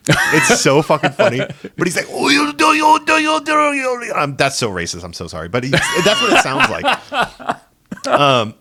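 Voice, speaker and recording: A man co-hosting a casual gaming podcast, excitable and swearing a lot, laughing as he tells stories. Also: mid-range voice. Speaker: podcast co-host.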